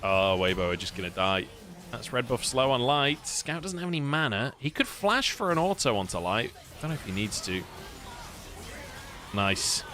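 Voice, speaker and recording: A man with a British accent casting a live esports match on a casual co-stream, excitable and swearing freely. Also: mid-range voice, normal speed. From United Kingdom. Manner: excitable, swears freely, laughs between plays. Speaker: esports caster.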